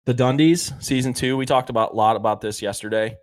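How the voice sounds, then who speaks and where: A man's voice: medium pitch, fast. A man in casual chat, rambling through favorite TV episodes and acting out the characters' lines, with lots of fillers. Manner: rambling storyteller, acts out quotes, many fillers. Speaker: podcast co-host.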